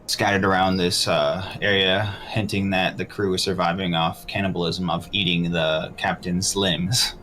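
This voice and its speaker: Brief: deep-voiced game master narrating loot and scenes. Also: male voice, level tone, normal speed, few pauses, sharp tone, slight background noise.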